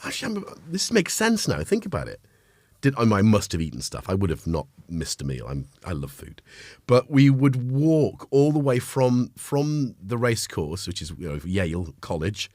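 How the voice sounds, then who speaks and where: Middle-aged North Welsh man streaming with a cold, loose and jokey, very lively pitch, dry close sound. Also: moderate pace, no room sound. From North Wales. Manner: chatty, greets viewers, jokey asides. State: has a cold. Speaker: livestream host. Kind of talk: casual live-stream chat.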